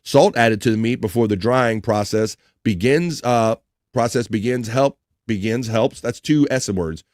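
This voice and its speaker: A man's voice: mid-range voice, measured pace, darkish tone, no room sound, studio quality. A man hosting a casual live stream, reading chat and food trivia aloud, joking, laughing and stumbling over words. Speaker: livestream host.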